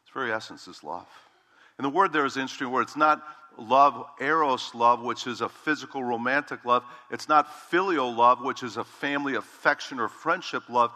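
A middle-aged man preaching a sermon as a pastor, emphatic, slowing down and stretching key words for weight. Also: mid-range voice, bright, forceful tone, long reverb tail.

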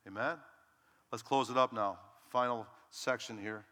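Male pastor in his sixties, bright ringing tone, hall reverb; dramatic delivery from hushed to shouting. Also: medium pitch, measured pace. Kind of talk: sermon. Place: church sanctuary. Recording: long reverb in a large hall.

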